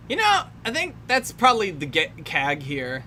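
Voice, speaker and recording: A woman's voice: lowish voice, pushed and bright. A young woman giving casual, wry commentary over a film, laughing often and trailing off mid-sentence. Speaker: commentary host. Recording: faint background noise.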